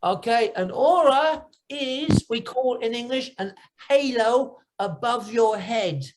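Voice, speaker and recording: A British-born man talking with students in simple, slow English, mixing in Indonesian words and emphatic exclamations. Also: very high-pitched, expressive, slight background noise. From United Kingdom. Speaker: guest teacher. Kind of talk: classroom discussion. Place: classroom session.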